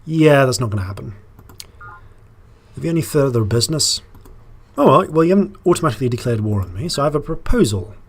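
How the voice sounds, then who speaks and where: Husky man musing over a strategy game. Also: medium pitch, sing-song, rapid-fire, hardly any pauses. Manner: wry, musing, thinks aloud with fillers. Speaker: let's play host. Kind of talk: casual gameplay commentary.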